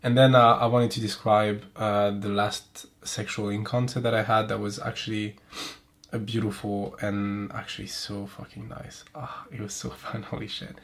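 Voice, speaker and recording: A man's voice: lowish voice, flat delivery, moderate pace, vocal fry, a bit bright. A man with a French accent, a French speaker hosting a podcast in casual chat. He rambles, swears freely and mocks himself, and he sounds nasal from pollen right now. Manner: profane, rambling, self-mocking. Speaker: podcast host. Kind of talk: casual chat and reading aloud.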